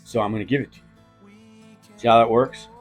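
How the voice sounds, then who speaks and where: A man's voice: mid-range voice, steady tone, fairly quick, husky, faint music behind. A man in his fifties hosting a casual vlog, rambling and joking as he hands out giveaway knives. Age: 50s. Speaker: knife channel host.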